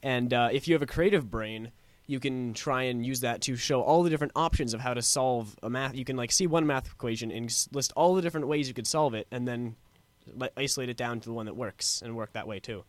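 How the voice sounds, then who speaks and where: Measured male panelist, dry sound. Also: mid-range voice, no echo. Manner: measured, explains step by step. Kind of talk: panel talk show discussion.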